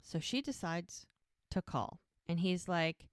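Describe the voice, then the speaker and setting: A woman's voice: fairly low pitch, a little slow, no echo, studio quality. A woman co-hosting a podcast, casually retelling scenes and quoting the characters as she goes. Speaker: podcast co-host. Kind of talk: casual recap chat.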